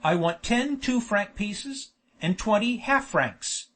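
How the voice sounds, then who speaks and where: Man voicing a grumpy little professor, bossy and curt, kinda high. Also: lively intonation, slow pace, a bit bright, full character voice. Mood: demanding. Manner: curt, insistent. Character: little irritable male professor, surly and demanding.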